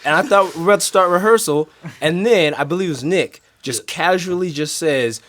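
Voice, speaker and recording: Animated man telling a band story. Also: brisk. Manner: lively, big swings in pitch and volume. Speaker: band member.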